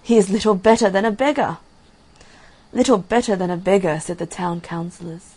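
A woman reading a fairy tale aloud in a gentle, measured way, giving the characters' lines softly. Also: mid-range voice, fairly even intonation, rough recording. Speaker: storyteller. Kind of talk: storybook reading.

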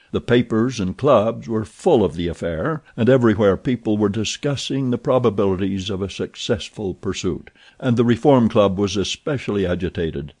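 A man reading a classic novel aloud as an audiobook narrator, steady and even. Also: lowish voice. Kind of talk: scripted narration.

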